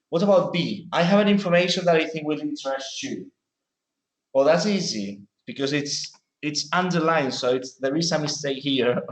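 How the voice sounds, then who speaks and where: A man's voice: mid-range voice, echoey room, low-quality recording. A man teaching English grammar in a classroom, correcting sentences patiently with examples. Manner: patient, explains slowly with examples.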